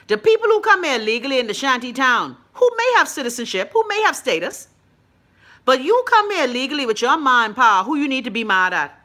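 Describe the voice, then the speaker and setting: A Bahamian woman hosting a call-in show, ranting bluntly and profanely, swinging between loud outbursts and low mutters. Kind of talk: blunt profane live-stream rant.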